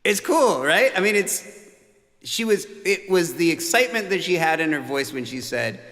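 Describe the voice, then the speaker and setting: A man's voice: on the high side, normal speed, a bit bright. A man, a musician hosting his own livestream, telling a family story in a rambling, chuckling way with plenty of fillers and restarts. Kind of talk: casual storytelling chat. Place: room called the bunker. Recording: long reverb.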